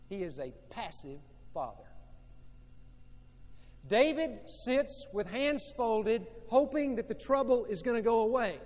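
A male pastor preaching a sermon, emphatic and repetitive, swinging between loud passages and hushed ones. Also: sits high. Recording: long reverb of a large hall.

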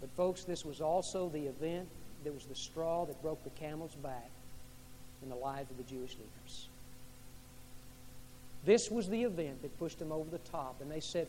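A male pastor preaching a sermon with dramatic storytelling, shifting from hushed tones to loud peaks. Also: a little high, moderate pace. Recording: echoey hall with faint hum.

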